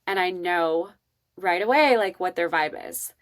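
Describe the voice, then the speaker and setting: A woman hosting a podcast, telling a personal parenting story in an earnest, emotional and expressive way. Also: on the low side, measured pace. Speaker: podcast host.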